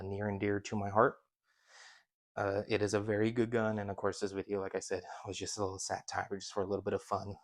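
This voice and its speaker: Man, low voice, monotone, sarcastic, casual vlog host. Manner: dry sarcastic delivery, many fillers. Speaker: firearms channel host. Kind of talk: sarcastic gun review vlog.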